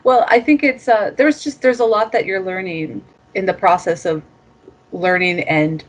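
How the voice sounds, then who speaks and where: A woman from the United States, a former master's student, talking in a casual interview in a reflective way, with fillers and soft laughs. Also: medium pitch, normal speed.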